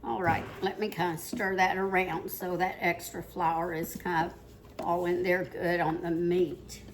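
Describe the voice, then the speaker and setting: Lowish and fairly flat in pitch, this older Ozarks woman from Missouri speaks at a measured pace over slight background noise. Breathless, she chats her way through an informal cooking demonstration at home, rambling and leaning on lots of fillers.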